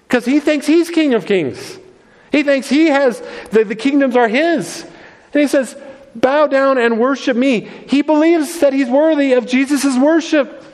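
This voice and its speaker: Earnest preacher in an echoing hall. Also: male voice, high voice, darkish tone. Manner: earnest, with frequent restarts. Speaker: pastor. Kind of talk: sermon. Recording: long hall reverb.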